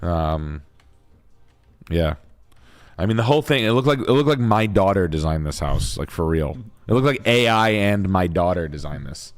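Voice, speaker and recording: A man's voice: deep voice, lively intonation, normal speed. A middle-aged man hosting a casual livestream, joking crudely and laughing a lot. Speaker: realtor and stream host.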